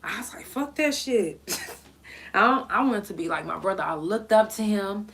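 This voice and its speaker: A woman's voice: medium pitch, moderate pace, vocal fry, fairly bright tone. A woman podcast host telling a personal story in a candid, blunt, emotional way.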